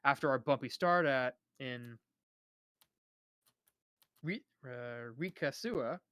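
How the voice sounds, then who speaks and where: A man's voice: mid-range voice, takes it slowly, sharp tone, smooth, no echo, clean studio sound. A young man reading a novel aloud on a live stream, often stumbling over names and restarting words.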